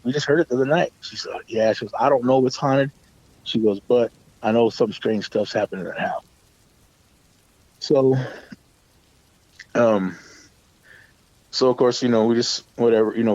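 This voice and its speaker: Man, middle-pitched voice, rambling casual ghost story full of restarts, dry muffled lo-fi sound. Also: a little mellow, no echo. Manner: rambling, many restarts and fillers, swears casually. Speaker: guest storyteller.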